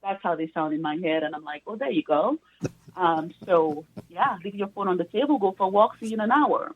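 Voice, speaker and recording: A woman's voice: on the low side, fairly quick, a crowd in the background. Woman guest over a tinny call line. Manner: reflective, thinking aloud with fillers. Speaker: guest, doctoral researcher. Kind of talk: casual interview conversation. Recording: tinny phone-like remote call audio.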